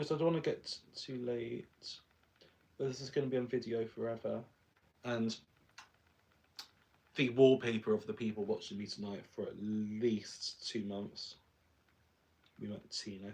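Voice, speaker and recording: A man's voice: fairly low pitch, fairly even intonation, normal speed, long pauses, darkish tone. A man who is a drag performer, chatting playfully while doing his makeup and laughing often.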